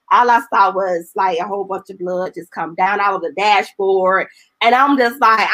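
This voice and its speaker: High bright-voiced woman giving a testimony. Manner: earnest and emotional, with a colloquial storytelling delivery. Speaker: evangelist giving a testimony as guest. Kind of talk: personal testimony in conversation.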